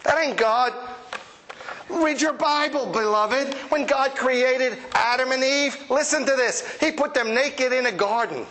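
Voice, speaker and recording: High-ish voiced guy preaching, super animated, doing little voices for people. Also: unhurried, a crowd in the background. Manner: animated, acts out quoted voices, chuckles often. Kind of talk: lively sermon. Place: church service with congregation.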